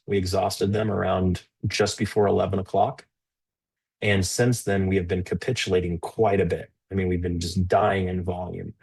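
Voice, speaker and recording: Low husky guy running a live trading stream, chatty, lots of um and right. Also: a little mellow. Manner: conversational, with many fillers and restarts; stern and scolding toward a rude chatter. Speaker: live trading show host. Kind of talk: live-stream market commentary.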